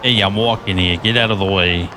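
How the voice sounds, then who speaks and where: A man putting on a brash male street tough with a New York accent, gruff and confrontational. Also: sits low, steady tone, a little fast, noisy background, lightly acted. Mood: belligerent. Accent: New York put-on.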